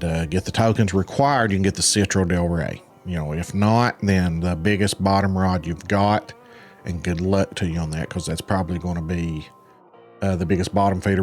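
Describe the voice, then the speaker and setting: A man giving casual gameplay commentary as a game guide host, laid-back and rambling, with frequent fillers. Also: low voice.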